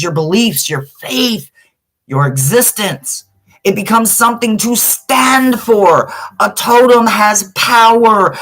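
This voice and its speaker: A woman's voice: fairly low pitch, rough recording. A woman working as a spiritual reader, giving a blunt, emphatic pep talk to the listener. She swears freely and repeats phrases to drive her points home.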